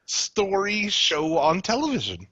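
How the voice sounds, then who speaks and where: A man's voice: high-pitched, wildly swooping pitch, measured pace, bright, forceful tone, slightly rough, dry recording. Profane, blunt man on a lo-fi stream. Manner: profane, blunt, laughs often. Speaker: podcast co-host. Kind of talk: casual chat.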